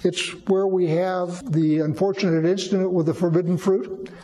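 Man, preacher, teaching sermon, emphatic, mellow tone, echoing hall. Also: sits high, steady tone, normal speed. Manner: teaching, explanatory, with emphatic repetition.

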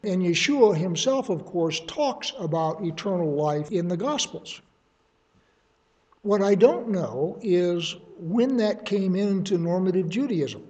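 A man's voice: sits high, expressive, slow, darkish tone. A man leading a Bible study in a conversational way, thinking aloud and adding asides. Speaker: Bible teacher.

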